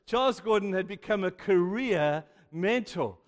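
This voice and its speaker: A male pastor preaching a sermon, telling stories with sudden swings between hushed and loud. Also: high voice, animated, unhurried. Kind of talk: sermon with storytelling. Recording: long reverb of a large hall.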